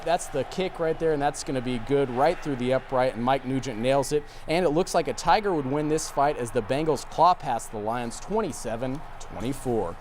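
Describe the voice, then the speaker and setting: A man anchoring sports highlights on a TV newscast from a news studio, upbeat and playful, calling the plays with quick quips. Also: a little mellow, slight background noise.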